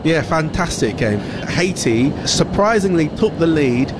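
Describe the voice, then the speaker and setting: Man reporting over loud street noise. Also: on the high side, animated, a little slow. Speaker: sports correspondent. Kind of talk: live news report.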